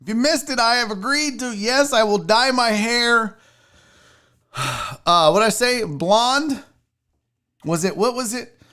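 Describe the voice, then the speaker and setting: A man's voice: very high-pitched, slow, long pauses, pushed and bright. A man hosting a casual sports livestream, rambling, jokey and profane, fiddling with his screen as he talks. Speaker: sports show host.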